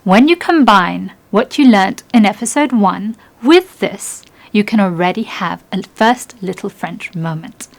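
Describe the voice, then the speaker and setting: A young adult woman presenting a scripted language lesson in an upbeat, encouraging way, slowing down to model phrases. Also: medium pitch, lively intonation, creaky. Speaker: French language teacher.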